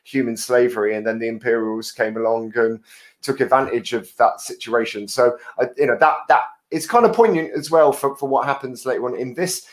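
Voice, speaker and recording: A man's voice: mid-range voice, brisk. A man casually chatting as a podcast co-host, explaining at length with a thoughtful, hesitant manner. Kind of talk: casual chat.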